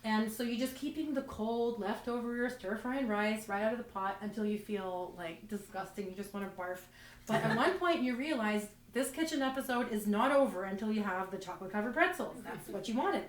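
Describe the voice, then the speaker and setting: A medium-pitched woman speaking a little fast does stand-up storytelling, rambling and restarting as she pokes fun at herself. The recording is roomy, taken from a distant mic.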